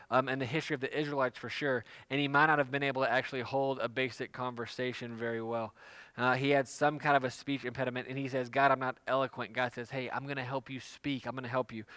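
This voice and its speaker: A man's voice: mid-range voice, fairly bright tone, clear, resonant tone, no echo. A man preaching a sermon, retelling a scripture story in casual, everyday speech. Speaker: pastor.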